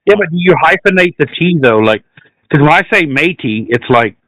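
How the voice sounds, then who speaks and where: A man's voice: a little high, expressive, brisk, a bit bright, no echo, low-quality recording. An American man hosting a podcast, joking and crude in casual banter, acting out silly scenes. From United States. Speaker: podcast host.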